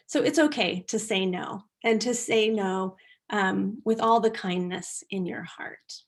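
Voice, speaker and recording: A middle-aged woman presenting an online workshop, speaking in a gentle, earnest way with frequent restarts. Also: medium pitch, a little slow.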